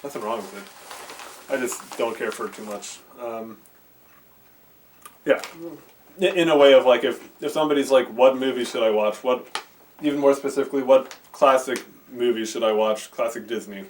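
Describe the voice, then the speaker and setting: Pausing often at a normal pace, a man with a mid-range voice vlogs about VHS films from his bedroom. The handheld camcorder picks up a faint hiss as he meanders, full of fillers and self-interruptions.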